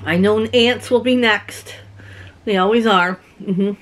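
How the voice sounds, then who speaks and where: A woman's voice: mid-range voice, takes it slowly, a bit bright. A middle-aged woman from Canada chatting casually to her viewers from her rural home, telling stories and laughing often. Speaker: vlogger. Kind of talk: casual chat to camera.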